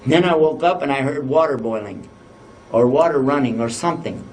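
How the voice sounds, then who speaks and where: An older man preaching, telling a personal story in a lively way and acting out the voices in it. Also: mid-range voice, brisk, far from the mic, a little hiss or hum, low-quality recording. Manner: animated storytelling with voiced quotes. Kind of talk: storytelling lecture.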